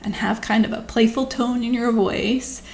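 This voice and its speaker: A woman speaking to camera in a thoughtful, conversational way, gently coaching listeners. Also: on the high side, fairly even intonation, normal speed. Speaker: physician hosting her own video channel. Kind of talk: reflective talk to camera. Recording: echoey room with faint background noise.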